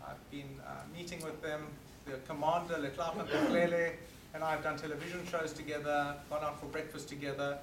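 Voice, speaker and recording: High-voiced South African man in a hall. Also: flat delivery, brisk, hardly any pauses, a crowd in the background. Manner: earnest and forceful, emphatic repetition. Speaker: guest speaker. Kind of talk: public talk to an audience. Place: meeting hall. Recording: roomy hall recorded from a distance.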